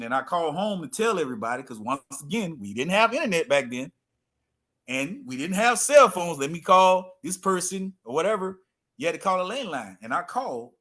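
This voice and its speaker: Animated man telling stories. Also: sits high. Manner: animated storyteller, repeats phrases for emphasis. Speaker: guest, former pro football player. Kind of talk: casual storytelling interview.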